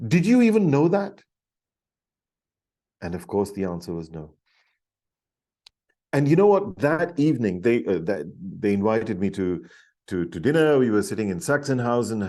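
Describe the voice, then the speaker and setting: A middle-aged man telling a story as a podcast guest, animated and enthusiastic, often restarting his sentences. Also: on the low side, moderate pace. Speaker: podcast guest, leadership author. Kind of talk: storytelling in an interview.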